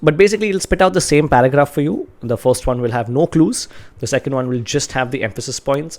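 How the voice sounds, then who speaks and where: A man explaining voice exercises in an earnest, instructional way, stressing key words. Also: medium pitch. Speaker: communication coach.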